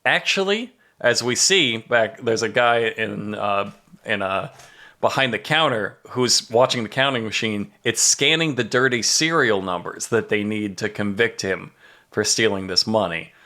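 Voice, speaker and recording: Man, podcast co-host, bright voice, animated storytelling, casual comedic chat. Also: fairly low pitch, measured pace. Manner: animated storytelling, laughs at own jokes. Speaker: podcast co-host recapping an episode.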